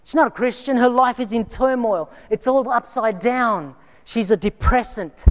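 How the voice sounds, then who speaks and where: A man's voice: extremely high pitch, normal speed. Man preaching in a reverberant hall. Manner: dramatic, drops to near whispers for emphasis. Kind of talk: sermon with personal storytelling.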